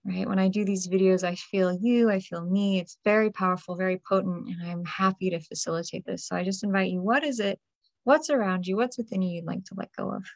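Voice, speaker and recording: A woman energy healer leading a guided release meditation, talking in a soft, invoking, repetitive way. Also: medium pitch, fairly even intonation, a little fast, creaky, dry recording.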